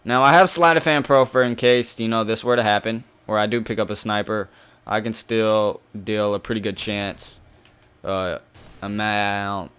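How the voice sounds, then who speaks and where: A young man hosting a gaming channel, giving live commentary over his own match, shifting between calm explanation and sudden cursing outbursts. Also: lowish voice, moderate pace, clear, resonant tone. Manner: frustrated, swearing, swinging between calm and outbursts.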